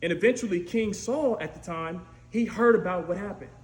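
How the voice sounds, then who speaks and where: A man preaching a storytelling sermon in a lively, conversational way, often asking "right?". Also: high-pitched, normal speed. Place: church sanctuary. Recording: echoey church room with faint noise.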